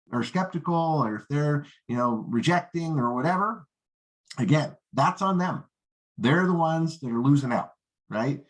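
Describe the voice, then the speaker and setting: A man coaches networkers in a confident, steady mid-range voice. He keeps checking in with "right?" and "okay?" as he teaches. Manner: confident, acts out rookie and prospect lines in higher voice; peppers talk with "right?" and "okay?". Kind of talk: coaching lesson.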